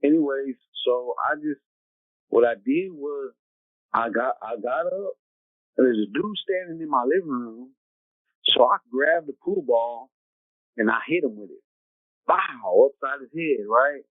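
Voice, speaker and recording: A man of middle pitch tells a story in a loose, rambling, streetwise way, checking in with his listener as he goes. The sound is thin and phone-like, very dry, with no room around it. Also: measured pace, pauses often, dry recording. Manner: rambling, streetwise, tags lines with "right?" and "you know what I'm saying". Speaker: interview guest. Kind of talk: casual personal storytelling.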